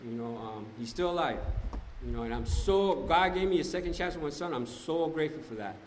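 A man's voice: fairly high pitch, expressive, fairly quick, slight background noise. Man telling his story in an echoey hall. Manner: conversational, emphatic, keeps asking "right?". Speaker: recovery meeting speaker. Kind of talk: personal testimony talk. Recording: echoey hall, faint ambience.

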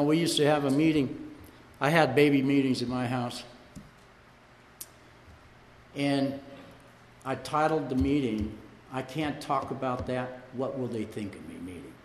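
A man's voice: mid-range voice, a little hiss or hum. A man sharing his personal story at a recovery meeting, rambling and conversational, often saying "you know" and laughing through his anecdotes. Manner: laughs while telling stories. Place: meeting room. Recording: echoey hall, faint room ambience.

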